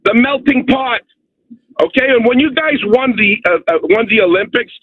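A Canadian man phones in to a radio show, his extremely high, slightly rough voice at normal speed, ranting emphatically and repeating "okay?" to drive points home. The phone line is tinny, with no echo.

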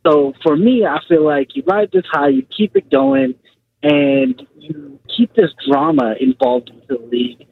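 A man's voice: extremely high pitch, sing-song, unhurried, creaky, husky. A man calling in to a radio show, making his points earnestly and repeating himself. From California. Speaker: caller. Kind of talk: call-in radio talk. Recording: tinny phone line.

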